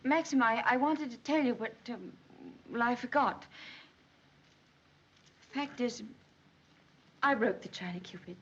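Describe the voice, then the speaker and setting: An actress playing a shy, naive young English bride in a 1940s film drama, hesitant and apologetic, often stammering. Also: female voice, on the high side, measured pace, pauses often, fairly bright tone. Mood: nervous. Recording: dull, hissy old film soundtrack.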